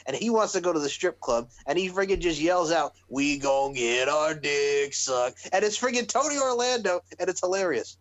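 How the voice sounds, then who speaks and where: A man co-hosting a casual wrestling podcast, excitable, laughing and swearing as he talks. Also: a little high, no room sound. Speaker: podcast co-host.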